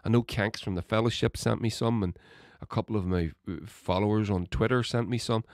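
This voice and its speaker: A man's voice: lowish voice, fairly even intonation, fairly quick, no room sound, studio quality. A man hosting his own podcast, talking alone and swearing constantly as he rants. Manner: ranting, heated, building to shouts. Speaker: podcast host. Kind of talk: solo political podcast monologue.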